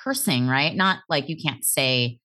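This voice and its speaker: A woman co-hosting a podcast in casual chat, animated and jokey, swearing freely. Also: extremely low pitch, unhurried, over music. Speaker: podcast co-host. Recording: video call.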